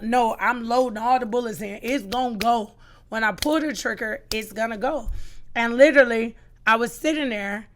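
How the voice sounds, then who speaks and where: A woman's voice: a little high, moderate pace, fairly bright tone. A middle-aged woman, a podcast guest, giving an emphatic personal testimony and acting out the lines she quotes.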